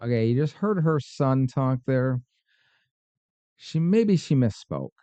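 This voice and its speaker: A man's voice: mid-range voice, lively intonation, slow, mellow, dry recording. A man hosting a podcast, reacting to paranormal videos with skeptical, sarcastic commentary. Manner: skeptical, dry, sarcastic asides. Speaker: podcast host.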